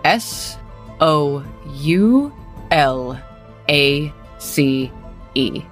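A woman's voice: deep voice, lively intonation, very slow, soft background music. A woman running a tabletop game, narrating scenes in detailed, cinematic description. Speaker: game master.

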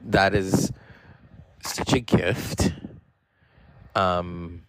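Speaking very slowly in a low-pitched, steady tone, this podcast host, a man in his forties, rambles through casual personal stories with plenty of profanity and fillers. The audio is poor, with slight background noise.

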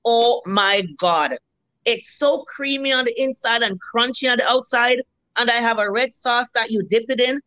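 A Jamaican woman in her fifties, a restaurant cook, telling animated stories in a casual interview, acting out her customers and swearing freely. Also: fairly high pitch, normal speed, dry recording, low-quality recording.

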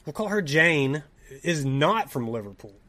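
A young man with a Tennessee accent, telling a story in casual podcast chat, animated and laughing, swearing and acting out quoted dialogue. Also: fairly high pitch, a little slow. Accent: Southern US, Tennessee. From Tennessee, USA. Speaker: podcast co-host.

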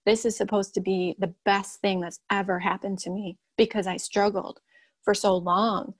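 A young woman, a mother, telling her own story in a halting, candid way with many pauses. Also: medium pitch, fairly even intonation, dry recording. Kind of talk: personal testimony.

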